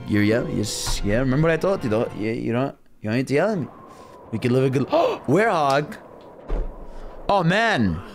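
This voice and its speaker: Excitable young man streaming a game. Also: medium pitch, a little hiss or hum. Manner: excitable, slangy, talks to chat. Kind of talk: casual live gaming commentary.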